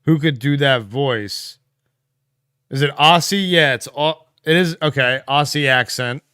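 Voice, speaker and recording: A man's voice: medium pitch, a little slow, clean tone, no echo, studio quality. A man co-hosting a casual livestream, chatting and thinking aloud while he answers viewers' comments. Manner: relaxed, musing aloud with fillers and laughs. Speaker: livestream co-host.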